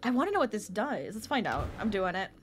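A woman streaming a video game, chatting excitedly and reacting aloud to her viewers. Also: medium pitch, quick pace, faint music behind. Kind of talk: casual gameplay commentary.

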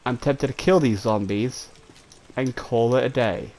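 A man's voice: medium pitch, measured pace, darkish tone. Jittery, swearing male gamer. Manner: jittery, swearing, talks to viewers. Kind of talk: let's play commentary.

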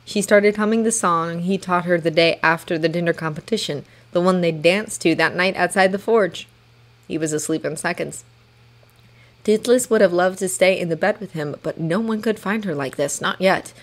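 A woman reading a fanfiction story aloud in steady storytelling narration. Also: fairly low pitch, normal speed. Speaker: fanfiction reader. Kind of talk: audiobook narration.

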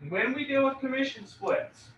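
High bright-voiced male instructor. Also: normal speed, slight background noise. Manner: animated, quizzes students by name. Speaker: real estate instructor. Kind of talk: classroom lecture. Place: classroom. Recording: echoey classroom from far off, dull.

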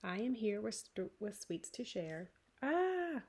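Woman doing an earnest storybook bear, gravelly, husky. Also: mid-range voice, a little slow, darkish tone. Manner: sung and spoken storybook voice, earnest. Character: big hairy hopeful male bear cub-grown delivery bear.

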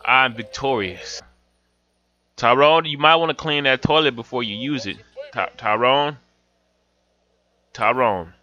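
A young man giving loud, profane, excitable commentary while playing a life-sim game, swinging from yells to mutters. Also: mid-range voice. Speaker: gaming YouTuber. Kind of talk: profane comic gameplay commentary. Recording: dull lo-fi home mic with game music.

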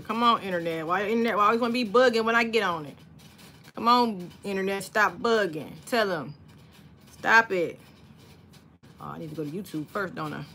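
A woman hosts a casual livestream, chatty, calling out viewers by name. Her voice sits a little high and rings bright and forceful. A faint hiss sits under the recording. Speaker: livestream host. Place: home crafting space.

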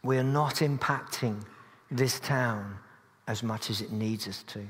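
A man's voice: medium pitch, measured pace, a bit bright. Earnest preacher man in reverb. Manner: earnest, with dry humorous asides. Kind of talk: sermon. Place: church. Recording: long church reverb.

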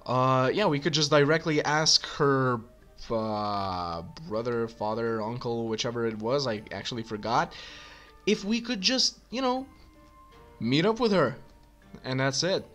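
A man's voice: medium pitch, lively intonation, a little slow, fairly bright tone, soft background music. A man giving casual gameplay commentary, thinking aloud with many fillers as he plays. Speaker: let's play gamer.

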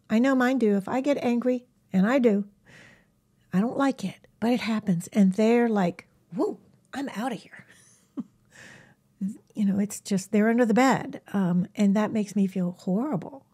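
A woman animal communicator giving casual, gentle self-help advice to camera, often dropping into a soft whisper. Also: a little high, husky.

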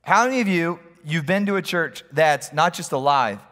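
Middle-aged pastor guy, kinda high voice, chatty funny sermon, big echoey church hall. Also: animated, normal speed, a bit bright. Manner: storytelling, conversational, humorous asides. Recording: long hall reverb.

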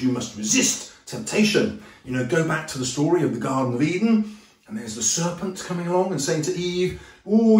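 A male teacher, giving a lively, jokey lesson and acting out quotes in funny voices. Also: medium pitch, far from the mic. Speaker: English teacher. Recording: echoey room, voice a little off-mic.

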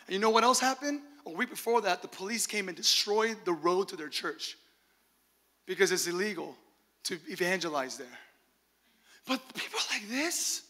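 Male pastor, high bright voice, animated sermon storyteller. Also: in a large hall. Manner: animated storytelling with laughs and quoted asides. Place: church sanctuary.

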